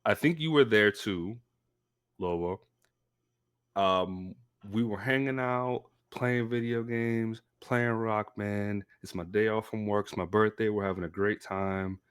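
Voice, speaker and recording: A young man co-hosting a podcast, telling a story in a casual, animated way. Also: unhurried, clear, resonant tone. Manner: animated storyteller, acts out quotes in a high voice. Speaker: podcast co-host.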